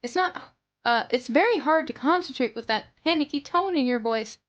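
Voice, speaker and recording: A woman's voice: high-pitched, lively intonation, normal speed, muffled recording. A woman voicing a nervous young woman forced to fly a plane in a read-aloud storybook, sounding anxious.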